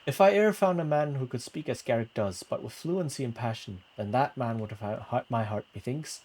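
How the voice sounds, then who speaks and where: A man's voice: medium pitch, fairly quick, darkish tone, lightly acted. A man voicing a haughty noblewoman who speaks in an arch, mocking, old-fashioned way. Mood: wistful. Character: haughty noblewoman being courted.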